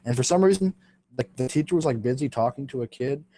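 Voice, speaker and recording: A man's voice: medium pitch, lively intonation, quick pace, mellow, slight background noise. A young man hosting a podcast, casually telling a school story with lots of fillers, swearing and laughter. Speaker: podcast host.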